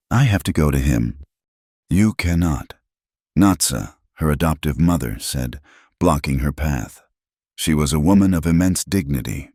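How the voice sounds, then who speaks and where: A man narrating a story in a steady, measured scripted style. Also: very deep voice, gravelly, no echo, studio quality.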